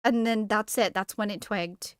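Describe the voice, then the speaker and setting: A woman's voice: medium pitch, fairly even intonation, normal speed, clean tone, dry recording, clean studio sound. A young woman hosting a casual live stream, chatty and giggly as she greets her chat. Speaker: streamer hosting a book club.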